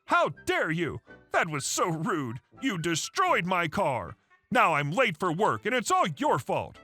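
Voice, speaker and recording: A man voicing a screaming, entitled woman neighbor with a shrill, screeching delivery. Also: huge pitch swings, unhurried, sharp tone, soft background music, heavily acted.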